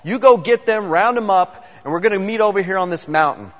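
A man's voice: sits high, fairly quick, fairly bright tone, pitched above the performer's own voice. A man voicing the prophet Elijah as a confident adult man, in casual modern phrasing with repeated words, recorded dull in a long-reverb hall. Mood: assured.

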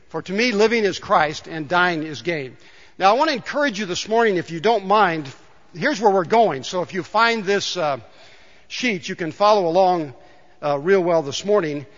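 High-voiced man preaching a sermon. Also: expressive, moderate pace, fairly bright tone. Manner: conversational preaching, asks the congregation questions. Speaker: pastor. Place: church sanctuary. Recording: dull reverberant church recording.

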